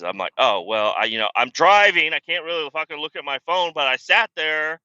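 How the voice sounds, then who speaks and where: A man hosting a podcast, telling a story in a profane, exasperated rant and shouting out the lines he re-enacts. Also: mid-range voice, clean tone, dry recording, muffled recording. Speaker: podcast host.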